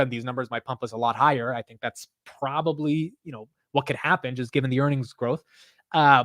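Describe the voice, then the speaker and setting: A man hosting a live market show, talking casually in an animated, profane, self-mocking way. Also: medium pitch, dry recording, studio quality. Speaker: market livestream host.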